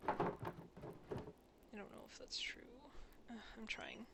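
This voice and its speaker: A woman's voice: slow, in a whisper, natural voice. A woman reading a young grieving daughter.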